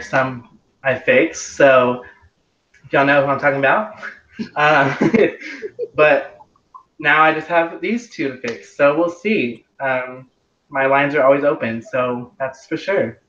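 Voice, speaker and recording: Distant echoey young man rambling. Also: mid-range voice. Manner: rambling, animated, heavy filler words. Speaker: eliminated contestant. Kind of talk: casual aftershow chat. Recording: echoey, distant, dull lo-fi sound.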